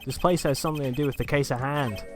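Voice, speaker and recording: A man's voice: mid-range voice, quick pace, soft background music, close to an everyday voice. A man voicing a brash, sarcastic male police detective with a put-on Australian accent, rambling as he talks.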